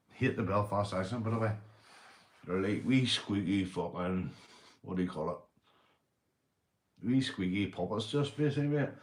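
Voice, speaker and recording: A man's voice: lowish voice, moderate pace, long pauses. A Northern Irish man chatting casually on a live stream, slangy and swearing freely, calling everyone mate. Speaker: livestreamer. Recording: roomy echo.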